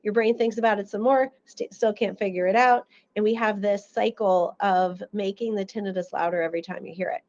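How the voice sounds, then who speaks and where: A woman's voice: mid-range voice, fairly quick, few pauses, dull audio. A woman audiologist giving an educational seminar, telling stories and acting out little quotes as she explains. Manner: animated storytelling with acted-out quotes.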